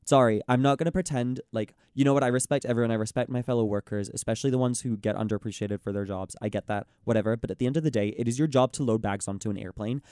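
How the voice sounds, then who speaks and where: A young man in casual chat, ranting in an exasperated, animated way and mimicking the people he quotes. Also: medium pitch, racing, few pauses, smooth, no echo, studio quality. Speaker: podcast host.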